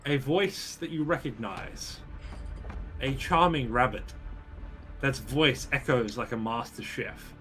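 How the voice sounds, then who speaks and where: A man runs a tabletop game, narrating the action in a bright, forward voice. He often pauses and fills gaps with ums while describing the scene. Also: medium pitch, faint music behind. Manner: hesitant, full of ums. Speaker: game master.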